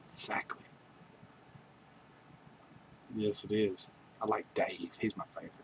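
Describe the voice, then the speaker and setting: A man's voice: on the low side, flat delivery, fairly quick, in a whisper, poor audio. Joking man chatting on a stream. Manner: chatty, joking, reads viewer names aloud. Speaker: livestream host. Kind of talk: casual chat with live viewers.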